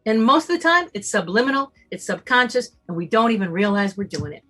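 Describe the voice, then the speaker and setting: Woman, slightly high voice, emphatic motivational talk, acts out dialogue, faint music behind. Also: expressive, a little fast, sharp tone. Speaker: summit guest speaker.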